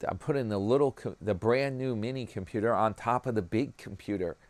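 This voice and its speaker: Rambling low-voiced New York vlogger man. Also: brisk, a little mellow, dry recording. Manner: chatty, rambling, peppers talk with "man" and "guys". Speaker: YouTube commentary vlogger. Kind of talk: casual rambling commentary.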